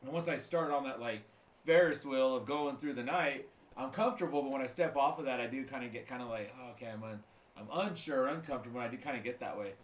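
A man's voice: mid-range voice, fast. A man hosting a casual podcast chat, laid-back and rambling with lots of fillers. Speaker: podcast host. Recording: roomy echo.

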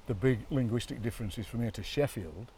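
A man's voice: mid-range voice, brisk, far from the mic, a little hiss or hum. Chatty Yorkshire man outdoors. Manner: animated storyteller, mimics accents, laughs often. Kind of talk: chatty outdoor walk-and-talk. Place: outdoors by a graveyard.

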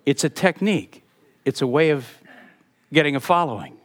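A man preaching a sermon as pastor, animated, with sudden drops to a soft voice. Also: a little high, normal speed.

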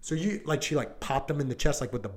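Talking fast in a mid-range voice, the deputy, likely in his thirties, recounts a call in relaxed podcast storytelling, full of "like" and "I go" as he acts out people's lines. A little hiss or hum sits under the recording.

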